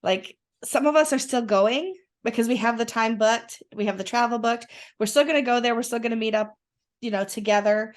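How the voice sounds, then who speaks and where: A woman's voice: on the high side, moderate pace. A woman chatting as a guest, enthusiastic and rambling with many restarts. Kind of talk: casual conversation.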